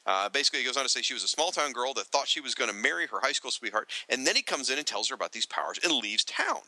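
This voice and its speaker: A man's voice: medium pitch, very animated, rapid-fire, pushed and bright, dry recording, rough recording. A man co-hosting a podcast, reading listener feedback aloud with joking asides to the listeners. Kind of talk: casual podcast chat.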